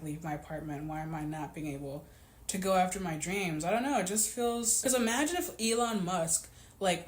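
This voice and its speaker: A woman in her twenties chatting casually to camera in a vlog, animated and full of "like". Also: on the low side. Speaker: vlogger. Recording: echoey room, faint background noise.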